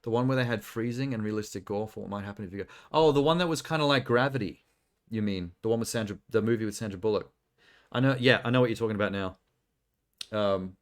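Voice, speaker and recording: A man with a fairly low voice chats casually to his stream audience. He muses in a relaxed, rambling way, filling gaps with "like" and "um" as he works through his thoughts. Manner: relaxed, rambling musing with many fillers. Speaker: live streamer. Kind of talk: casual reaction stream chat.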